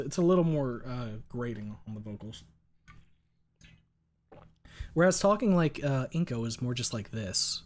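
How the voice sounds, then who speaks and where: A man's voice: mid-range voice, moderate pace. A male streamer chatting casually at the end of a stream. He jokes, curses freely and reads out messages from viewers. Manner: joking, profane, reads chat aloud. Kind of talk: casual livestream chat.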